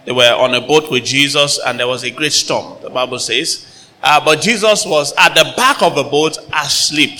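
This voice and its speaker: A male pastor preaches with a fairly high, bright and forceful voice, often calling on the congregation for an amen. He bursts into loud acted-out voices as he retells stories. The sound rings with long hall reverb over faint background noise. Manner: calls for amens, acts out voices loudly. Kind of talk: sermon.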